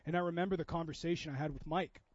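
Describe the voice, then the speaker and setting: Pastor, man, thirties, high tenor, chatty sermon delivery, dry and slightly dull recording. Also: steady tone, racing, no echo. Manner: conversational preaching, acts out quoted voices.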